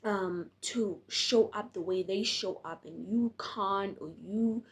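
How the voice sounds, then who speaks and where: A woman's voice: medium pitch, takes it slowly. A tired young woman talking casually to camera as a faith vlogger, earnest and encouraging, with frequent restarts. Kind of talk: casual direct-to-camera talk.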